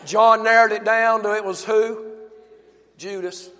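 Male pastor preaching emphatically to his congregation; bright, high voice, long hall echo. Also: steady tone, a little slow. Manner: emphatic, asks the congregation questions. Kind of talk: sermon. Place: church.

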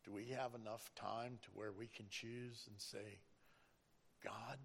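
Gravelly man, earnest, preacherly, middle-aged, testimony. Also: lowish voice, steady tone, measured pace, a bit bright. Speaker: school bus driver. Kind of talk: personal testimony.

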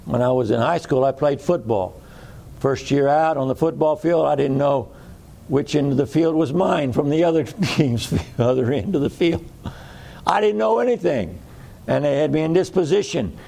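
A man's voice: fairly high pitch, gravelly, a little mellow. A man preaching a sermon in a folksy way, repeating phrases for emphasis.

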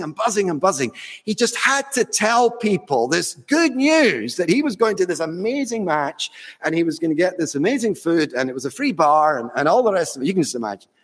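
A man's voice: fairly high pitch, long reverb tail. A man preaching a sermon in a church, telling a story in a conversational way with fond humour.

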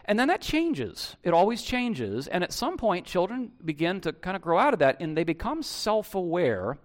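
A man preaching a sermon in a conversational, animated way, with frequent restarts and direct questions to the congregation. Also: a little high. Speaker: pastor.

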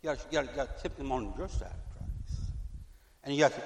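Fervent middle-aged preacher in echoing hall. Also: male voice, mid-range voice, animated, fast talker. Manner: fervent, repetitive, swinging from loud to hushed. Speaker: pastor. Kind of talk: sermon. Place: church sanctuary. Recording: echoey church hall.

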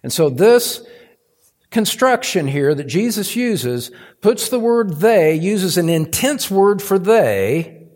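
A man's voice: sits high, darkish tone. A male pastor preaching a sermon, emphatic, climbing to stressed points and repeating words for weight. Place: church sanctuary.

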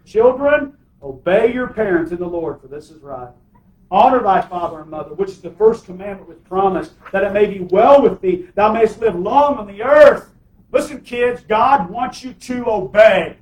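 A man's voice: sits high, animated, moderate pace, darkish tone, echoey room, distant mic, poor audio. A man preaching a sermon as pastor, emphatic, calling for amens from the congregation. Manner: emphatic, call-and-response preaching.

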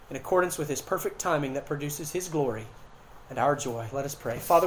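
Preacher giving an impassioned sermon. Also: male voice, on the high side, a little hiss or hum, low-quality recording. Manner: impassioned preaching with dramatic retellings of scripture. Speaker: pastor.

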